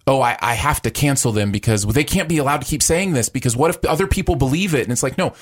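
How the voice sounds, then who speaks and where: A man's voice: medium pitch, expressive, quick pace. A man co-hosting a podcast, talking casually and pressing his points emphatically. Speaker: podcast co-host. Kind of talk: casual conversation.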